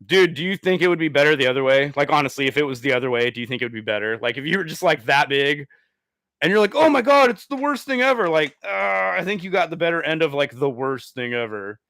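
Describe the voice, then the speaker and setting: A man reads stories on a comedy news show in a mid-range voice, moving quickly and often cutting in with foul-mouthed, crude asides and giggles. His energy shifts animatedly between mutters and exclamations. The recording is dry and of studio quality.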